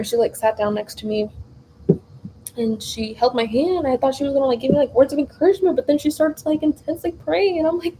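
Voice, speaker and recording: A woman's voice: high-pitched, fairly quick, mellow, slight background noise, rough recording. A young woman vlogger in a home kitchen, telling a long casual story while baking, rambling with lots of fillers and restarts.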